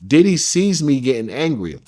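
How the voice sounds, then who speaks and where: A man's voice: medium pitch, very animated, moderate pace, dark tone. A man being interviewed, telling a personal story in a casual, emphatic way with plenty of slang. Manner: emphatic, slangy, addresses listener as bro. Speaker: interview guest.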